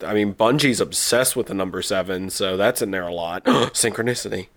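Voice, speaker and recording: A man's voice: low voice, brisk, a bit bright. A man, a podcast host, telling a long rambling story in casual chat and laughing often.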